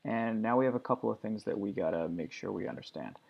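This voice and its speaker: Male teacher, gravelly low voice, relaxed step-by-step tutorial narration, dull lo-fi mic. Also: quick pace. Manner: relaxed step-by-step walkthrough talk. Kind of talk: screen-recorded software tutorial.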